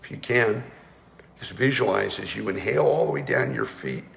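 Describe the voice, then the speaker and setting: A man's voice: on the low side, big pitch swings, a little fast, vocal fry, a bit bright, in a large hall. A man leading a guided energy and breathing class, talking firmly and urging listeners to join in. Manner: commanding, urges listeners to participate. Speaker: energy awareness coach.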